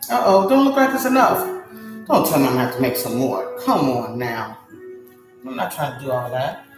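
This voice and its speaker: A hoarse middle-aged woman chatting with her viewers during a live home-baking stream, exclaiming to herself as she works. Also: a bass voice, very animated, normal speed. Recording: echoey room with music behind.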